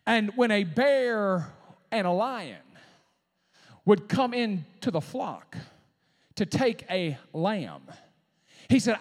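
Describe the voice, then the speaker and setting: Shouting preacher in a reverberant hall. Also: male voice, a little high, expressive. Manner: preaching with shouted climaxes and dramatic pauses. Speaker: pastor. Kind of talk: sermon.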